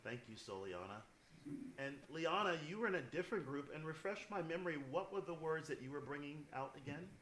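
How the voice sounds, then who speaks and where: A man's voice: a little high, animated, brisk, fairly bright tone, roomy sound, a little hiss or hum. A man hosting a conversation with young choir singers over a video call, with thoughtful, precise phrasing. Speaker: host, associate artistic director of a choir. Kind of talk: interviewing guests on a video call.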